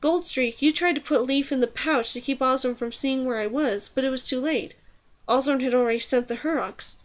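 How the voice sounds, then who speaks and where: A woman's voice: high-pitched, a little fast, close to an everyday voice. A woman voicing Dane, a kind curious girl. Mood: gentle.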